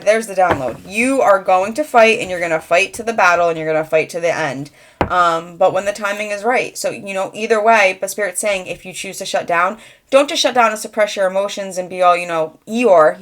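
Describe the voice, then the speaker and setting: Woman, tarot reader, rambling chatty delivery, lots of fillers, mid-pitched voice. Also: fairly bright tone. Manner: rambling, conversational, frequent fillers. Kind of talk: channeled tarot reading.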